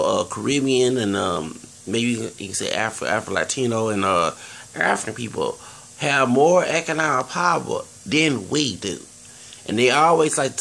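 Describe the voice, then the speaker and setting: Texan guy w/ a real gravelly voice, rambling on earnestly to camera, lots of restarts. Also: mid-range voice, a bit bright. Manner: earnest, digressive, many restarts and fillers. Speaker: vlogger.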